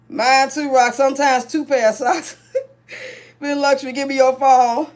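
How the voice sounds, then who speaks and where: A woman's voice: high voice, slow. A woman hosting a casual livestream while she cooks, chatting freely, laughing often and reading out viewer comments. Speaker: livestream host.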